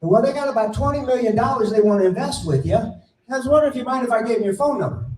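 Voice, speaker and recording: A middle-aged man giving a conference talk, telling a folksy story and acting out the dialogue with animated voices. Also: extremely high pitch, fast. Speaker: conference speaker. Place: conference room. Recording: roomy, distant mic, faint ambience.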